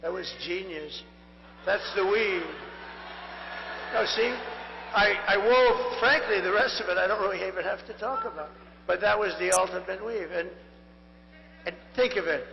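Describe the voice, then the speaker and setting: A high-pitched, gravelly voice at normal speed, broken by long pauses, belongs to a candidate in his 70s giving a repetitive, rambling rally speech full of boastful asides; he sounds strained and fatigued. It's captured as a dull, echoing hall feed with hum in a large venue.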